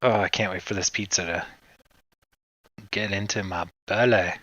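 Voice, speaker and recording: A man from Canada hosting a casual livestream, rambling in a relaxed way and answering his chat. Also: low-pitched, moderate pace, pauses often, no room sound, highs cut off. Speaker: livestream host.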